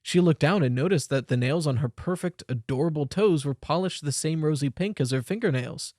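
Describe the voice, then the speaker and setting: A young man narrating an audiobook in a measured, expressive storytelling voice. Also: fairly high pitch, no room sound, studio quality. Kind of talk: scripted narration.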